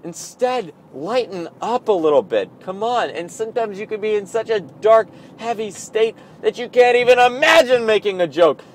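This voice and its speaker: A man muses aloud for his audio blog in a fairly high voice that swings widely up and down. He rambles in a playful way and pokes fun at himself. A faint hum of noise sits behind him. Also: lively intonation, moderate pace, few pauses. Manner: playful, self-mocking, rambling. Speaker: audio blogger. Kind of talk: casual spoken reflection.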